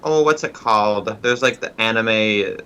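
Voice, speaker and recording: A man joining a casual chat, relaxed and rambling. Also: fairly low pitch, unhurried, smooth.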